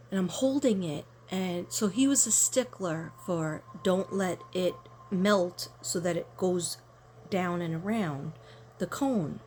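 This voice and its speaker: A woman's voice: on the low side, a little mellow, slight background noise. A woman card reader chatting casually to camera, rambling through a story and talking to her viewers directly.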